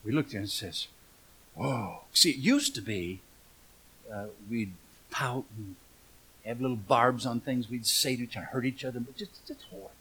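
A man's voice: mid-range voice, normal speed, sharp tone, slightly rough. A middle-aged man preaching a humorous storytelling sermon, folksy and joking, asking the congregation questions.

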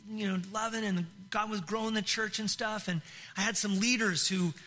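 A man's voice: high-pitched, fairly even intonation, normal speed, pushed and bright. A male pastor preaching a sermon in an impassioned way, with many restarts and repeated phrases.

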